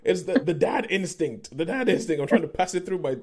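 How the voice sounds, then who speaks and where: A man hosting a casual podcast chat over a video call, animated and steering the conversation. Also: high voice, fairly quick. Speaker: podcast host.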